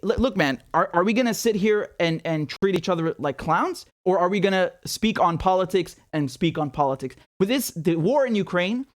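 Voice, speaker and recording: Animated high-voiced male commentator. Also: normal speed, few pauses. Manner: incredulous, animated, many restarts. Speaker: political commentator. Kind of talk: casual ranting commentary.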